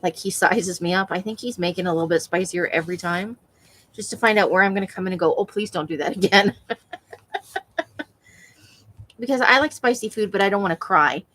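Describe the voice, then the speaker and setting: A woman's voice: fairly low pitch, fairly quick, long pauses, a bit bright, slight background noise, rough recording. A woman hosting a crafting livestream, chatting casually with viewers while she works and laughing often. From Nevada.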